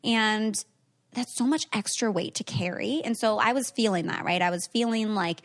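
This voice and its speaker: A young adult woman hosts a podcast in a casual chat, speaking at normal speed in a mid-range voice. She sounds reflective and says "like" often.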